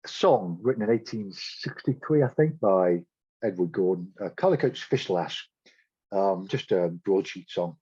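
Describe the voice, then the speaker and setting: Husky man giving a blunt science talk. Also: lowish voice, darkish tone, highs cut off. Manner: blunt, sardonic asides. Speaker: guest speaker.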